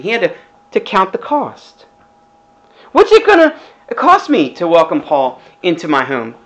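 A man's voice: sits high, a bit bright, rough recording. A middle-aged male pastor giving a conversational sermon, full of rhetorical questions.

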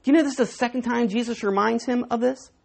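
A woman's voice: a little high, fast talker, vocal fry. A middle-aged woman preaching a conversational sermon, with self-deprecating asides and stories.

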